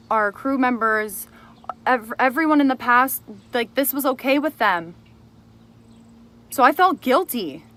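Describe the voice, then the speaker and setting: A young woman speaking straight to the camera, angrily accusing someone and then explaining her side of events. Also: on the high side. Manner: angry, accusing and confrontational at first, then calmer explaining. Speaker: speaker recounting a personal grievance. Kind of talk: emotional direct-to-camera testimony.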